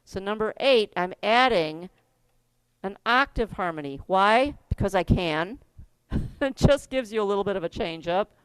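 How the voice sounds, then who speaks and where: A woman's voice: mid-range voice, animated, moderate pace, fairly bright tone. A middle-aged woman teaching a keyboard class, giving step-by-step instructions in a chatty way and laughing often.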